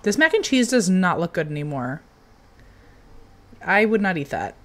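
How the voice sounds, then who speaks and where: A young woman giving casual commentary while playing a game, chatty and given to sudden excited outbursts. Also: lowish voice, normal speed. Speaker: game streamer.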